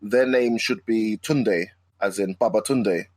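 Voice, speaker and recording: A man's voice: on the low side, a little slow, no echo. A man co-hosting a podcast in an easygoing chat, full of slang and friendly "mate"s. His voice sounds dry and close, with no room sound around it. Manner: relaxed, slangy, says "mate" a lot. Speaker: podcast co-host. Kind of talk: casual chat.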